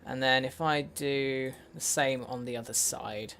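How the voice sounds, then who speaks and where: A man hosting a let's play gives casual game commentary, muttering to himself with wry, sweary asides as faint in-game music plays. His medium-pitched, fairly bright voice stays fairly even and moves at a measured pace.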